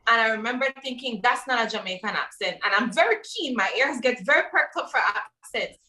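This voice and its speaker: A woman's voice: fairly high pitch, expressive, brisk, bright, forceful tone. A woman from Belize moderating a panel discussion, chatty and anecdotal, with frequent fillers. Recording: voice from far off the mic.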